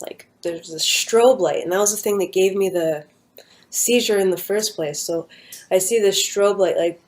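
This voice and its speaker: A woman's voice: medium pitch, darkish tone. A young woman talking at home, telling a personal story in a rambling casual way with many fillers and restarts. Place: at home with her dog nearby.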